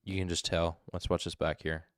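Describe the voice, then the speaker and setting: A man hosting a live commentary stream, talking in an animated way and mimicking voices to make his points. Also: sits low, fairly quick. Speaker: livestream host.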